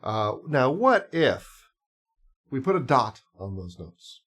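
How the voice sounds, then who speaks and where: Male music teacher, mid pitch, easygoing explainer with fillers. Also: slow pace. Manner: relaxed, explains with asides and fillers. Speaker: clarinet teacher. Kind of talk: casual instructional talk.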